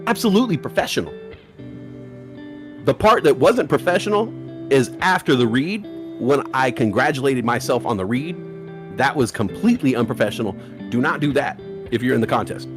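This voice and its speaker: A man hosting a live trading stream, joking with his chat and laughing often. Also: medium pitch. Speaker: livestream host. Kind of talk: casual livestream chat and scripted channel read.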